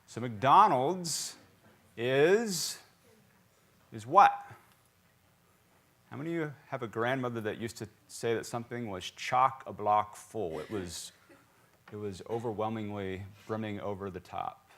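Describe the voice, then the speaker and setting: A man's voice: lowish voice, measured pace, long pauses. A man raised in South Carolina, preaching a sermon in a church and quizzing the congregation with jokes. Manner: lively, joking, quizzing the congregation. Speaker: pastor. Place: church sanctuary.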